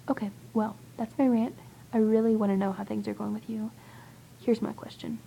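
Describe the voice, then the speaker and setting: A young woman vlogging to a friend, talking mostly in a hushed whisper and rambling with hesitant fillers. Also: medium pitch, level tone, moderate pace, vocal fry, highs cut off, a little hiss or hum. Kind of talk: casual whispered video chat to a friend.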